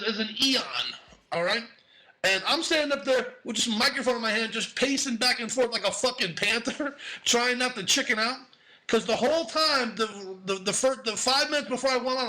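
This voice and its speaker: A man telling a profane, animated story about his stand-up debut, acting out voices in the quotes. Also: extremely high pitch, a little fast. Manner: acts out voices in quoted speech.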